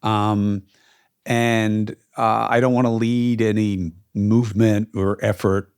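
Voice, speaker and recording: A man's voice: lowish voice, little pitch movement, takes it slowly, darkish tone, clear, resonant tone. A man hosting a podcast, talking emphatically about his views, with many ums and uhs. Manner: emphatic, frequent fillers. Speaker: podcast host. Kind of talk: opinionated casual talk.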